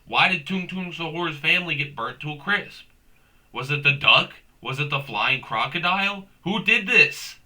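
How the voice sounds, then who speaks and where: This young man's voice sits a little high, expressive, pushed and bright, at a moderate pace. Hosting a comedic rant, he rambles, curses, leans on slang, and keeps saying "bro."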